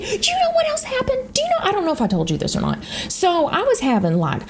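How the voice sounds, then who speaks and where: A woman's voice: very high voice, a little fast, a little hiss or hum. A young woman with a Southern US accent, rambling through casual stories while she plays a game, swearing freely. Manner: rambling, animated, swears freely, frequent laughter. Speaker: YouTuber. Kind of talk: casual storytelling chat.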